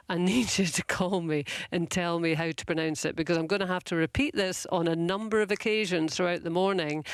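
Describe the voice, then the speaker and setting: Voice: mid-range voice, clean tone, dry recording. A radio phone-in host in a chatty, polite, self-deprecating manner, speaking on a studio microphone. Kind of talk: casual radio chat.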